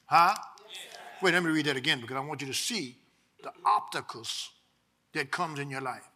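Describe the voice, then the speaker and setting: Male pastor, high bright voice, preaches call-and-response, drops low to teach and rises loud to exhort. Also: normal speed. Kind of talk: sermon.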